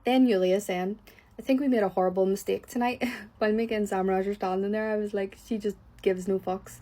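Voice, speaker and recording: A Northern Irish woman with a husky, slightly low voice, talking casually through her opinions. She is blunt and frank and swears without a second thought. She sounds hot and bothered as she talks. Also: a little mellow. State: hot and sweaty. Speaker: reality TV reviewer. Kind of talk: casual reaction chat.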